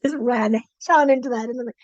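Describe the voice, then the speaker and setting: A woman's voice: on the high side, fast, no echo, dull audio. A woman co-hosting a podcast in casual chat over a video call, enthusiastic and laughing often. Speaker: podcast co-host.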